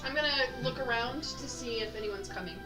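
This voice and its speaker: A woman's voice: fairly high pitch, fairly quick. A woman player in a tabletop game, talking casually and hesitantly, often restarting while she decides her moves. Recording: voice from far off the mic. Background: background fantasy music.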